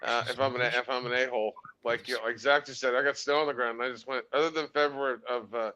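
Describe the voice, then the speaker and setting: A man's voice: medium pitch, steady tone, fast, crowd noise. A man chatting casually on a podcast, easygoing and self-mocking. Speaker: podcast co-host. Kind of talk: casual chat.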